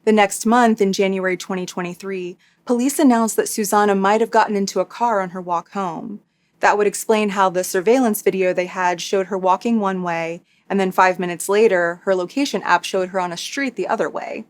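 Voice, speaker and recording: A woman's voice: mid-range voice, fairly quick. Woman narrating true crime, matter-of-fact. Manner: steady, matter-of-fact storytelling with dry asides. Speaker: true crime YouTuber host.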